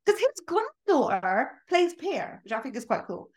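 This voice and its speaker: A woman co-hosting a film podcast who talks in animated, opinionated bursts and laughs often. Her voice sits a little high. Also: moderate pace. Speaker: podcast host. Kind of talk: casual film review chat.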